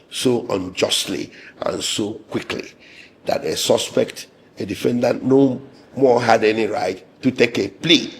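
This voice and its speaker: A man with a hoarse, gravelly voice recounts his account in an interview. He speaks in a low register, measured and indignant, pausing often with fillers. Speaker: lawyer and interviewee.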